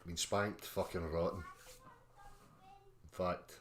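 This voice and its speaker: Scottish male streamer, low voice, mocking, foul-mouthed, combative rant. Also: wildly swooping pitch, extremely slow, a little hiss or hum. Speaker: livestream host reading chat. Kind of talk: ranting livestream chat.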